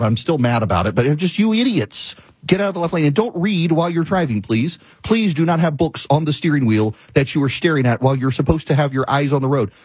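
A middle-aged male host with a husky, slightly breathy voice, riding a lively, up-and-down pitch as he rants. His delivery is casual and exasperated, and the studio sound is close and dry. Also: no echo. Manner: animated, exasperated ranting. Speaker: talk show host. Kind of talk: casual opinion commentary.

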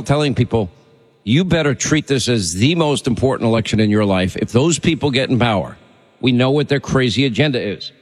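A man's voice: mid-range voice, big-room sound. A man hosting a talk radio show, speaking in an urgent and insistent way.

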